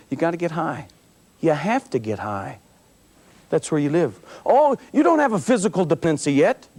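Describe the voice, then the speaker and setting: A middle-aged man, a police officer, giving a motivational talk to a school assembly and acting out his stories with humor. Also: on the high side. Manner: animated storyteller, acting out scenes with humor. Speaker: police officer speaking to students.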